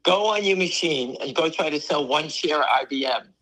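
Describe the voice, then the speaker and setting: A man co-hosting a stock market talk show, hoarse from allergies, talking bluntly and dismissing critics. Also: fairly high pitch, lively intonation, normal speed, sharp tone, poor audio. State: hoarse, losing his voice from allergies. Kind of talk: casual market talk with a co-host.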